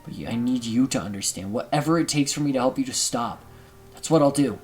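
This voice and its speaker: A man's voice: mid-range voice, a little fast, a little mellow, soft background music, natural voice. An earnest teenage boy from a visual novel pleads with a close friend, as a man reads his part aloud. His delivery is sincere and caring. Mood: earnest, pleading. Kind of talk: reading game dialogue aloud.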